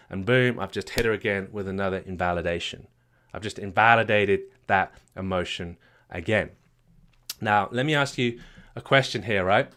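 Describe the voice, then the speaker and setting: A man with a fairly low voice leads a marriage retreat session as its coach. He speaks emphatically, often restarts his sentences and drives each point home by repeating it. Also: fairly quick, a bit bright. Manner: emphatic and repetitive, with frequent restarts and "right?" tags. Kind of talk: retreat workshop talk. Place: retreat venue.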